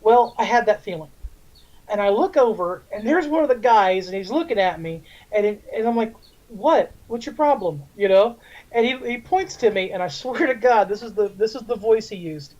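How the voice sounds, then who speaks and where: A man's voice: high voice, brisk, a little mellow. A man hosting a talk radio show, telling a crude, rambling story and swearing freely. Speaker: radio show host and wrestler. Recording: dull lo-fi audio.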